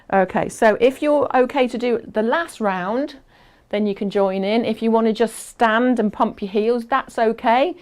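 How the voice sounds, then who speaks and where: A woman's voice: a little high, darkish tone. A woman instructing a fitness class, chatty and encouraging, counting down aloud and a little out of breath as she exercises along.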